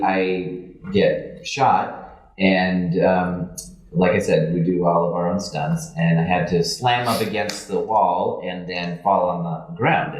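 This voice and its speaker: A man telling lively stories as a guest on a convention panel, acting out the lines of the people he quotes. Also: sits low. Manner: animated anecdotes, acts out quotes. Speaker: guest, suit performer. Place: convention hall room. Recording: echoey convention room.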